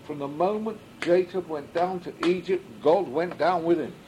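A man's voice: fairly high pitch, normal speed, dark tone, slight background noise, rough recording. A man teaching a Midrash class as a rabbi, reading Hebrew and then translating it, and asking rhetorical questions that he answers himself. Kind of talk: Midrash study lesson.

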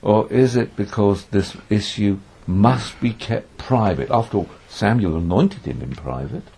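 A man's voice: on the low side, expressive, unhurried, dark tone, breathy edge. A man teaching a lesson on a biblical text, reading Hebrew verses aloud, translating them, and giving quoted speech dramatic emphasis. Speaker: Bible teacher.

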